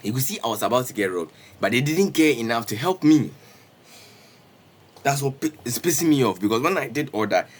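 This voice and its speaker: Animated young man telling a story. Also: medium pitch, brisk. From Ghana. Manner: animated, repetitive, peppers talk with "bro" and "Charlie". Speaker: streamer. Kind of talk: casual storytime livestream.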